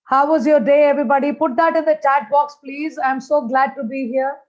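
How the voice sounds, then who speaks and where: High-voiced woman giving an upbeat keynote. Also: fairly quick. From India. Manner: energetic, repetitive greetings, many fillers. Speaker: motivational speaker. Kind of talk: conference keynote talk. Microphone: video call. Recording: dull lo-fi video call audio.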